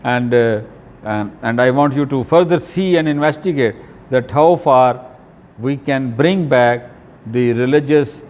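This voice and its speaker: A man giving an academic video lecture, talking deliberately with frequent fillers and restarts. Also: medium pitch, a little mellow, in a large hall.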